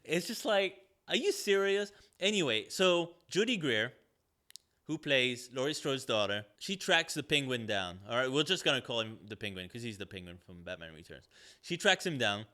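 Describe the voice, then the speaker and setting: Bright-voiced man ranting in a sarcastic review. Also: medium pitch, big pitch swings, normal speed. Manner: sarcastic, profane, rambling with many fillers. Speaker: podcast movie reviewer.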